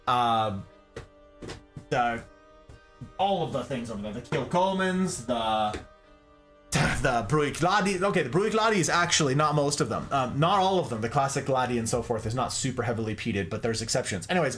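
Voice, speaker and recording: Animated man explaining whiskey. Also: on the high side. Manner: animated, chatty, repeats "okay?" and "like". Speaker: streamer hosting a whiskey talk. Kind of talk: casual livestream explainer. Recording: faint background music.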